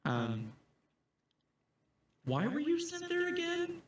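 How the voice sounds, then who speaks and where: A man running a tabletop game as game master, asking quick, probing questions. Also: very high voice, wildly swooping pitch, lo-fi sound, a little hiss or hum.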